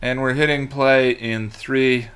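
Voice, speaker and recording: A man's voice: medium pitch, level tone, slow pace, fairly bright tone, smooth. A young man co-hosting a movie watch stream, making easygoing, dry remarks and laughing along. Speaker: streamer and co-host. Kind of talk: casual chat over a movie.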